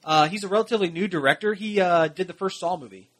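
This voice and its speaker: Chatty bright-voiced male radio co-host. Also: sits high, quick pace. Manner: rambling, many fillers and restarts. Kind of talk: casual radio chat.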